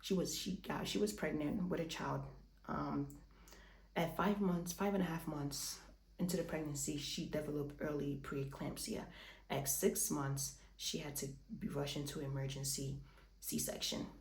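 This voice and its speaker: A woman's voice: deep voice, fairly even intonation, measured pace, echoey room. A woman recapping a reality show in a casual, opinionated chat, a little out of breath, with restarts and sighs.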